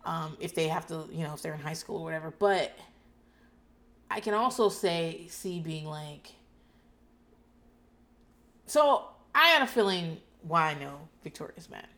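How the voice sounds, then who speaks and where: Woman, casual recap, sardonic, swears a lot, slightly low voice. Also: expressive, unhurried, long pauses, fairly bright tone. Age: adult parent. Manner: sardonic, profane, laughs often. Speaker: podcast host.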